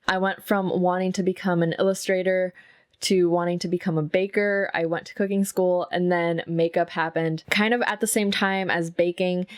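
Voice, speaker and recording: A woman's voice: fairly low pitch, smooth, no room sound. A young woman, a makeup artist, chatting candidly at home with a close mic, swearing freely. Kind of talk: casual chat. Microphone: close mic with soft, intimate pickup.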